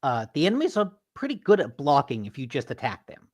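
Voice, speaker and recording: A podcast co-host on a call, talking in a halting way full of fillers and laughing easily. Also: mid-range voice, huge pitch swings. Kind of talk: casual chat. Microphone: remote call mic.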